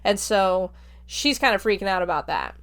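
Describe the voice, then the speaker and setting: A woman hosting a podcast walks through a book's plot in a relaxed, rambling way and leans on fillers as she goes. Her voice sits in an ordinary middle pitch for a woman. She sounds like she is chatting rather than reading from a script. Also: moderate pace. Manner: chatty, filler-heavy retelling. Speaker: podcast host reviewing a book. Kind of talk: casual spoken plot summary.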